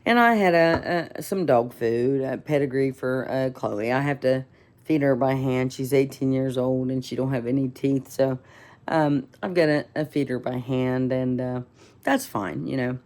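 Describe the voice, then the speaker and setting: A woman's voice: extremely low pitch, measured pace, darkish tone. A woman telling a rambling, indignant story in a casual vlog, full of fillers and restarts. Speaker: vlogger.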